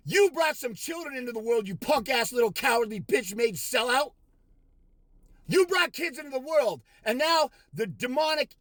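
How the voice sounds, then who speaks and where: A man with a strikingly high voice tears into his audience in a furious, profane rant that keeps breaking into shouts. The sound is close and dry, with no room around it. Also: dry recording. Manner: aggressive, insulting, with shouted bursts; mocking put-on quotes of others. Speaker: fathers' rights consultant. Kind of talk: angry profane rant to camera.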